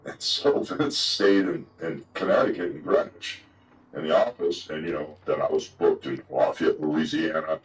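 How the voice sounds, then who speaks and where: Very deep-voiced older man telling yarns. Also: moderate pace, poor audio. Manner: profane, rambling yarn-spinner. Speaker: guest telling old stories. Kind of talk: casual storytelling.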